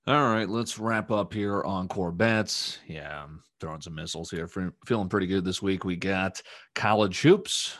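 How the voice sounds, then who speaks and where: A man co-hosting a sports betting podcast, rattling off picks in a rapid-fire, upbeat way. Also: deep voice, a bit bright. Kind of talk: casual podcast chat.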